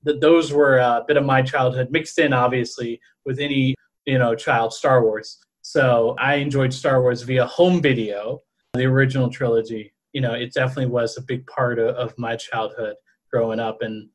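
A man in his thirties from New Orleans, speaking with that city's accent. He co-hosts a podcast in a loose, chatty way, full of "uh"s and restarts, at an ordinary pitch. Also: fairly even intonation, normal speed. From New Orleans, Louisiana. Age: 30s. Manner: chatty, with frequent fillers and restarts. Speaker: podcast co-host. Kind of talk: casual podcast chat.

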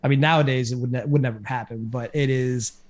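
A man's voice: mid-range voice, fairly even intonation, quick pace, slight background noise. A man casually recapping a TV episode on a podcast, rambling with lots of fillers. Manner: rambling, filler-heavy retelling. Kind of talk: casual chat.

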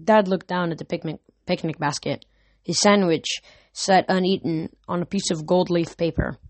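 A woman narrating an audiobook in a steady, earnest storytelling manner, recorded close. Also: fairly low pitch, normal speed, dry recording.

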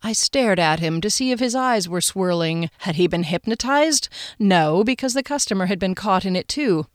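A woman narrating a first-person novel as an audiobook, in a wry, expressive way. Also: medium pitch, moderate pace, no echo, studio quality.

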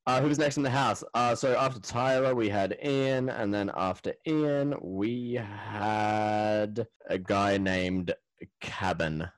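Laid-back man, low voice. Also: slow pace. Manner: laughs often, swears casually, rambling. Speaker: podcast co-host. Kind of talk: casual chat.

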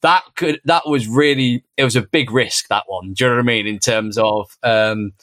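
A man co-hosting a podcast, recorded close and dry with no room sound. He tells a family story in a lively, chatty way and jumps into a much higher voice whenever he acts out what someone said. His pitch is mid-range. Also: normal speed, no room sound. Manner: animated, acts out quoted lines in a much higher voice. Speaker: podcast co-host and father. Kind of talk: casual conversational storytelling.

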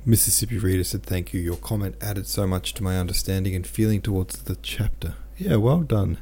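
A man with a deep, gravelly voice reads a novel chapter aloud for his podcast. His tone is dark and mellow, and he slips into easy, chatty asides between passages. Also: a little fast, slight background noise. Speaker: podcast host and reader. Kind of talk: audiobook reading with listener comments.

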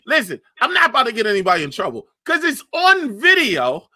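A man, a comedian, telling a story in excitable, jokey casual chat. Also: very high voice, fairly quick, dry recording, clean studio sound.

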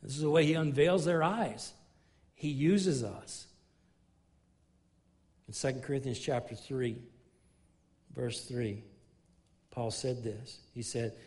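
A middle-aged man preaching a sermon at a medium pitch. He talks earnestly and restarts phrases as he builds toward a point. For stories he drops to a quieter, more intimate tone. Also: slow, long pauses. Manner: earnest preaching, rising in emphasis and dropping low for anecdotes. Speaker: pastor.

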